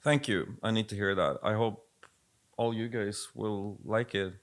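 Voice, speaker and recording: Low gravelly Swedish-accented man. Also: fairly even intonation, a little slow. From Sweden. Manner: reflective, candid, thinks aloud with restarts. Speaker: podcast co-host, music producer. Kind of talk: casual chat.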